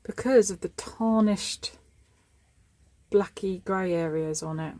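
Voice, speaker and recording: A woman's voice: medium pitch, takes it slowly, warm tone. A woman in her thirties chatting casually as she sorts through scrap, thinking aloud. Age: 30s. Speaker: scrapping vlogger. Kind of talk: casual commentary while sorting scrap.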